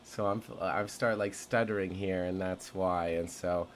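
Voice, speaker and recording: Low-voiced man telling a wry comic story. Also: steady tone, measured pace, slight background noise. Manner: wry, rambling, self-deprecating. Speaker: comedian telling his story.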